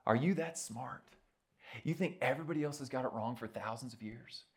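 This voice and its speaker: A man's voice: mid-range voice, fairly quick, lightly acted. A man putting on a sneering, taunting devil. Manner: taunting, rhetorical questions. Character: mocking tempter devil, male, sneering.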